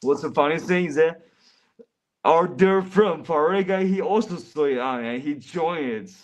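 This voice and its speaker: A man's voice: on the high side, a little slow. A man livestreaming in casual, rambling chat, often calling his viewers bro.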